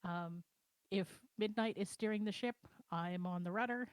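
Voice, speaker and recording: A woman co-hosting a casual livestream chat, explaining plans in a relaxed, conversational way from home over a voice call. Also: medium pitch, moderate pace, smooth, no echo. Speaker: project co-owner and co-host. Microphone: computer mic on a voice chat.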